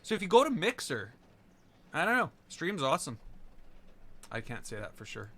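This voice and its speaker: A man's voice: a little high, sing-song, moderate pace, sharp tone. A man chatting casually to his viewers while streaming a game, rambling with asides and sounding tired and yawning. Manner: rambling and chatty, talking to chat, with laughs and trailing asides. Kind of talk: casual live-stream chat while playing.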